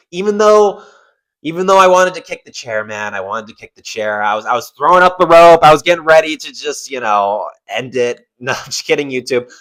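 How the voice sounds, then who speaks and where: A man's voice: a little high, animated, moderate pace, fairly bright tone, low-quality recording. A man giving casual commentary as an MMA YouTuber, rambling and swearing a lot.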